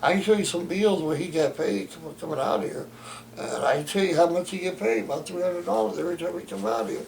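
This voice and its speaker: Gravelly man, stammering formal complaint. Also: high voice, quick pace, darkish tone, roomy sound, slight background noise, rough recording. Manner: stammering restarts, formal wordy phrasing. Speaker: interviewee describing his care. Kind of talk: emphatic complaint. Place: home bedroom.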